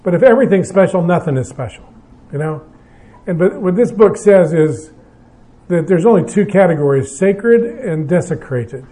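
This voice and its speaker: A man's voice: high voice, animated, moderate pace, mellow. An older man, a pastor, giving an evening marriage talk to an audience in a conversational, self-deprecating way with frequent restarts.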